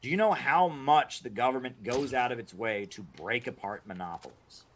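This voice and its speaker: A man's voice: mid-range voice, moderate pace, a little hiss or hum. A man streaming and chatting casually through viewer questions, rambling with many restarts and frequent "right?" and "you know" asides. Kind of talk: casual livestream chat.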